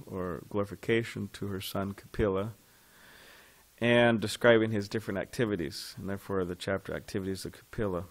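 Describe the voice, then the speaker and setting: A man teaching a devotional scripture class in a temple, talking in a loose conversational way and putting questions to his listeners. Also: lowish voice.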